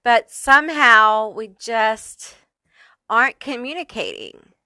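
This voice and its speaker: Unhurried, bright-voiced tarot reader woman. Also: a little high, expressive, no room sound. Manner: casual, laughs often, swears freely. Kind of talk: pick-a-card tarot reading.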